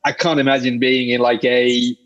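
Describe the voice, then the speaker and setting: Relaxed middle-aged man, muffled call. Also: medium pitch, brisk. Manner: relaxed, rambling with restarts. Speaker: guest. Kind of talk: casual conversation.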